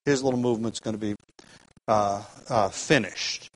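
A man's voice: on the low side, fairly even intonation, moderate pace, low-quality recording. A man teaching the Bible, explaining at length and thinking aloud with frequent restarts.

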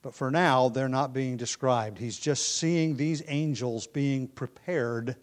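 A man's voice: mid-range voice, slow pace. A man teaching verse by verse through a Bible passage, explaining as he goes, with frequent ums and restarts.

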